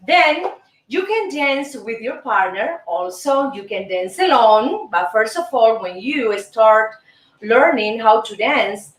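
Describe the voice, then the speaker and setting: A woman's voice: on the high side, lively intonation, slow pace, a little hiss or hum. A woman hosting a live dance lesson, upbeat and instructive, counting the steps aloud. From Cuba. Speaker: host and dance teacher. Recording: echoey room with music playing.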